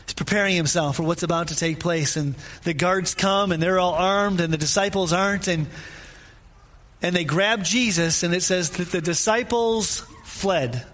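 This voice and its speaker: High-pitched male preacher, easygoing sermon delivery, drives points home by repetition. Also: normal speed, a bit bright. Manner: informal, asks listeners questions directly; repeats phrases for emphasis. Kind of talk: conversational sermon.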